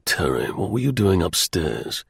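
A man voicing a grim secret agent who speaks low, curt and steady, with a husky voice. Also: measured pace, no echo, clean studio sound, full character voice.

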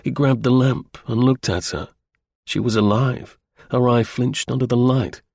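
A man narrating an audiobook in a measured, unhurried reading. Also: mid-range voice, fairly even intonation, creaky, a little mellow, breathy edge, no room sound, studio quality.

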